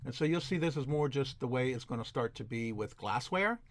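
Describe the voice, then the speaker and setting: Man, casual rambling narration, mid-pitched voice, dry close sound. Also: expressive, fairly quick, no echo. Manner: rambling, many fillers and restarts. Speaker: antique reseller and vlogger. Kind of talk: casual voice-over walkthrough.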